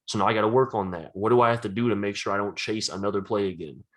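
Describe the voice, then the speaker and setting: A man's voice: fairly low pitch, fairly even intonation, fast talker, hardly any pauses. A man giving casual, earnest advice about trading habits, rambling and saying "like" often. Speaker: trading educator.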